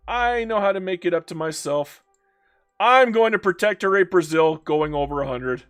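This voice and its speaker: A man's voice: sits high, expressive, normal speed, a bit bright, clean tone. A young Canadian man commenting playfully on a strategy game, reading chat and mock-scolding the game. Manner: playful, theatrical, talks to the game. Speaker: gaming YouTuber. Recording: faint background music.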